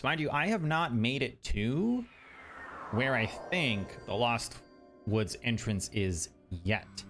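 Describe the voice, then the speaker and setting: A man's voice: mid-range voice, sing-song, measured pace, fairly bright tone, faint music behind. A man streaming a video game, chatting casually and thinking aloud as he plays. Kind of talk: casual gameplay commentary.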